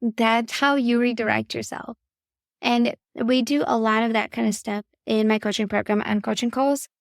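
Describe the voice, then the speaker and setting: Brief: woman host coaching parents on faith, fairly high gravelly voice, dry close recording. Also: steady tone, normal speed, dry recording. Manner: earnest, instructive, addresses listener directly. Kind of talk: faith-based coaching talk.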